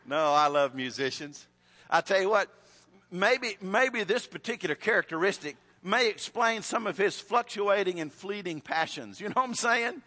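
A man's voice: high-pitched, lively intonation, normal speed, bright, forceful tone, big-room sound. A male preacher, telling a Bible story in a conversational sermon with frequent restarts.

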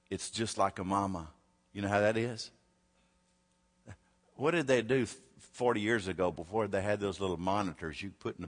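A man preaching a sermon. He swings from loud to hushed and asks rhetorical questions, with long hall reverb. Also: lowish voice.

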